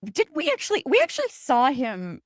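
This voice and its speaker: A woman co-hosting a casual TV recap podcast, excitable and laughing often. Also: sits high, a little fast, dry recording, clean studio sound. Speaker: podcast co-host.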